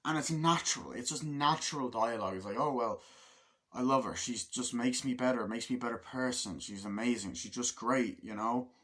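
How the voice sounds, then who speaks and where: Rambling, excitable male movie reviewer. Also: medium pitch. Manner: rambling, excitable, swears freely, acts out scenes in quick voices. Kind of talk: casual movie review vlog.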